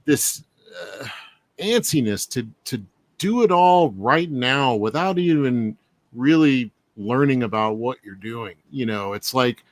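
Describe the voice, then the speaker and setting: A man hosting a casual chat, relaxed and reflective, chuckling often. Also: medium pitch, slow pace, no room sound.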